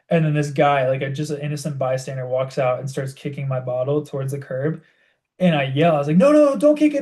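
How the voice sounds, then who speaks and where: A young man co-hosting a podcast, telling a story in animated casual chat and saying "like" constantly. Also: mid-range voice. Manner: animated storytelling, heavy use of "like". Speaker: podcast co-host.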